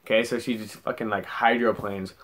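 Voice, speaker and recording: A man's voice: on the low side, steady tone, fairly quick, fairly bright tone. A young man telling a story in a rambling, casual way, swearing heavily and filling gaps with "like". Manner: rambling, heavy swearing, lots of fillers. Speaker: vlogger.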